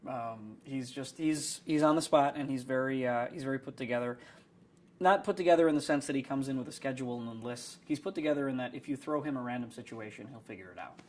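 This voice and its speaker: A man's voice: medium pitch, fast talker. Fields: rambling self-deprecating young man. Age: young adult. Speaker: actor. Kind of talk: behind-the-scenes interview.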